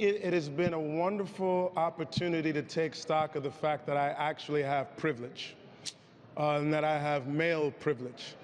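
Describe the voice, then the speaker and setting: A hoarse actor answering reporters candidly in an awards press room. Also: male voice, a little high, in a large hall. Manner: candid, reflective, loosens up when excited.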